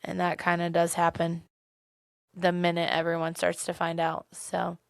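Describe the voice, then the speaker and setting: A woman co-hosting a podcast, chatting casually and retelling events in an animated way with frequent laughs. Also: lowish voice, moderate pace, vocal fry, clear, resonant tone, no room sound, studio quality. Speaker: podcast co-host. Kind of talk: casual book-club chat.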